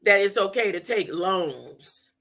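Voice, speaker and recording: A woman's voice: mid-range voice, lively intonation, takes it slowly, vocal fry, a bit bright. A woman hosting a podcast, teaching scripture informally in a conversational way and retelling the story in her own words. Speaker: podcast host.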